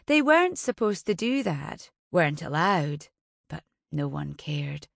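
A woman narrates a novel in a measured, somber tone. Her voice sits a little low, and her delivery is unhurried. The recording is dry and close. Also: very animated, gravelly, no echo. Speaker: audiobook narrator. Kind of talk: scripted narration.

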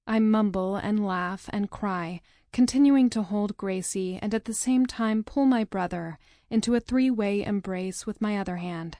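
Slow, mellow woman reading a novel. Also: mid-range voice, no echo, clean studio sound. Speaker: audiobook narrator. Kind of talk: first-person novel narration.

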